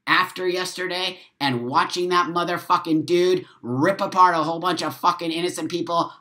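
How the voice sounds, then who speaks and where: A man's voice: a little high, pushed and bright. Angry, profanity-heavy man ranting. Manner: angry, profane, emphatic, repeats phrases. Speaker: livestream host. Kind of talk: heated livestream rant. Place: at home, drinking coffee on a live stream.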